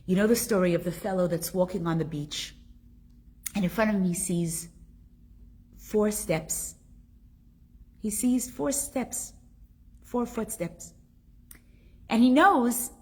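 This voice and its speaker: A woman leading a live online religious class. She reads viewers' comments aloud and talks with emotion, rising high with excitement and sinking to near-whispers. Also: breathy edge.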